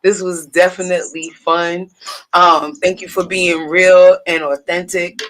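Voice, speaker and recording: A woman's voice: lowish voice, level tone, a little slow, fairly bright tone, rough recording. A woman hosting a casual podcast chat, teasing and laughing often. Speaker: podcast host.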